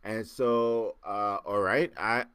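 A man hosting his podcast, telling a story casually with lively repeats and acted-out sounds. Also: on the low side, takes it slowly, clear, resonant tone, no echo. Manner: animated, repeats words and acts out sounds. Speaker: podcast host.

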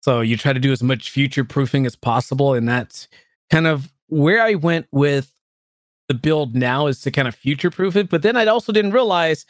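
A man's voice: a little high, normal speed, no room sound, studio quality. A man in casual chat, laughing often and slipping into playful put-on voices.

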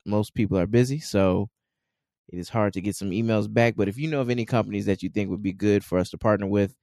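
A man's voice: on the low side, fast, darkish tone, dry recording, clean studio sound. A man co-hosting a podcast, easygoing in casual chat and running through show announcements. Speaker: podcast co-host.

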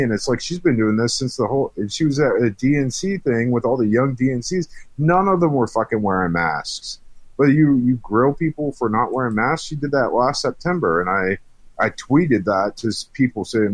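A man's voice: mid-range voice, animated, moderate pace, no room sound. Angry, profane man ranting. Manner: heated, profane, frequent restarts. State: frustrated, on edge. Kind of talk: angry political rant.

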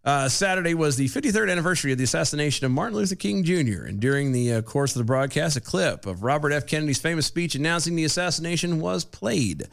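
A man co-hosting a casual chat show, reading news items aloud with halting restarts and laughs between lines. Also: a little high, lively intonation, gravelly. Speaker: podcast co-host.

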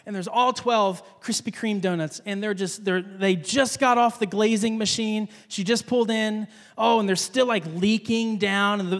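A man's voice: high voice, a bit bright, big-room sound. A man giving a casual, conversational sermon, often repeating words and acting out the people in his story. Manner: conversational, repeats words, acts out quoted voices. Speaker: preacher.

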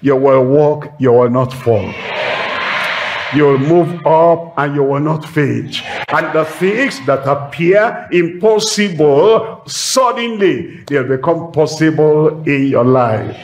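A man's voice: on the high side, expressive, slow pace, a little hiss or hum. A man pastor preaching a sermon in an emphatic style, repeating rhetorical refrains and acting out short exchanges.

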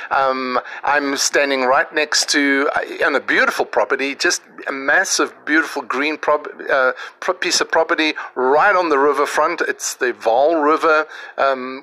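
Bright-voiced man preaching. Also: fairly high pitch, low-quality recording. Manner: conversational, retelling a parable with many restarts. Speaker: podcast host and preacher. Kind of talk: informal devotional podcast message. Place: outdoors on a riverside property.

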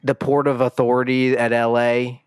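A man's voice: mid-range voice, little pitch movement, moderate pace, smooth, no room sound, studio quality, natural voice. A man playing an apologetic store clerk in an improvised comedy bit. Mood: folksy.

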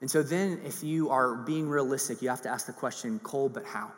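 A man preaching a sermon in a casual, animated way with many fillers. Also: mid-range voice, fairly quick. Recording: long hall reverb.

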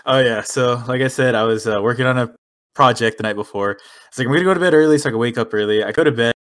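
A man's voice: mid-range voice, quick pace. A man co-hosting a podcast, telling a story in casual, swearing chat and acting out quoted lines. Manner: swearing, animated retelling with quoted dialogue. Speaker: podcast co-host.

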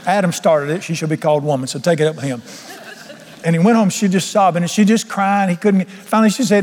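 A man's voice: high voice, fast, darkish tone. A man preaching a fervent, folksy sermon with humor. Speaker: pastor. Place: church sanctuary. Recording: long church reverb, faint music.

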